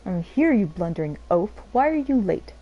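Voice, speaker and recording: A woman's voice: mid-range voice, very animated, moderate pace, highs cut off. A woman voicing a scornful, impatient male conspirator leader while reading game dialogue aloud.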